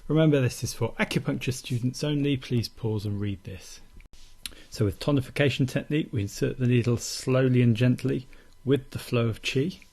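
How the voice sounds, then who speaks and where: Calm, husky-voiced man teaching. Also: medium pitch, moderate pace. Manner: calm, steady, methodical explaining. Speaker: acupuncture teacher. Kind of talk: instructional demonstration.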